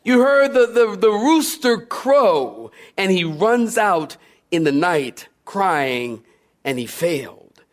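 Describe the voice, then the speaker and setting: A male pastor preaching a sermon in a lively, playful way, acting out scenes. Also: high voice, slow pace.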